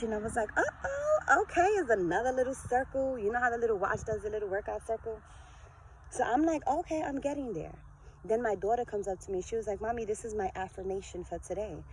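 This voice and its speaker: A woman in her forties giving an earnest, lively motivational talk to her followers in a vlog. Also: mid-range voice, fast, a little hiss or hum, low-quality recording. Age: 40s. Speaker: vlogger.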